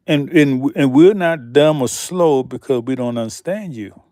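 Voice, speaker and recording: A man hosting a slow, deliberate commentary monologue, emphatic and pausing often, asking pointed rhetorical questions. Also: medium pitch, dark tone, dry recording, clean studio sound. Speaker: channel host.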